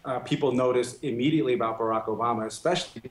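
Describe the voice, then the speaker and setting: A man speaking as a professor and guest, explaining clearly and steadily at a mid pitch. His voice carries a noticeable echo, as if recorded in a roomy space, and he punctuates his points with "right". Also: rapid-fire, slight background noise. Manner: articulate, explanatory, frequent "right". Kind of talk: interview. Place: remote studio.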